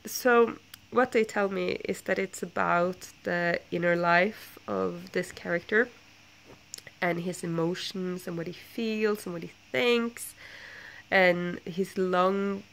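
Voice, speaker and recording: A young woman vlogger with a stuffy, congested nose tells a casual story. Her low voice carries a gravelly fry, and she rambles along with plenty of fillers and restarts. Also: steady tone, slow pace, fairly bright tone, slight background noise. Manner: chatty, rambling, with many fillers and self-corrections. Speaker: book vlogger.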